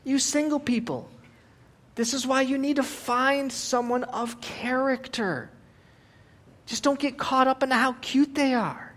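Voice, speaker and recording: A middle-aged man preaching a sermon as a pastor, animated and joking, acting out voices as he goes. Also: very high voice, unhurried.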